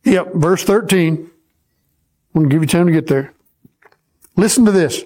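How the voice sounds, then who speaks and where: A man preaching a sermon to a congregation, reading scripture slowly and having the listeners repeat verses back to him. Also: fairly high pitch, dark tone.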